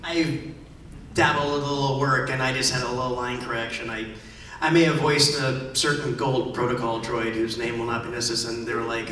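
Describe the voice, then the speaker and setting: Male panel host, mid-pitch, chatty, very echoey distant hall sound. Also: steady tone, a little fast, bright, forceful tone. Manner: chatty, asks questions and shares anecdotes. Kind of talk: convention panel hosting. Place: large convention hall. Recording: very echoey hall, distant mic, faint noise.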